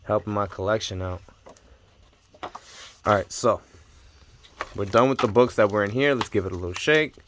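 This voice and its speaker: A young man vlogging casually about his card collection, talking in excitable bursts and repeating his amazement. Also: on the low side, normal speed, long pauses, slight background noise. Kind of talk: casual unboxing chat.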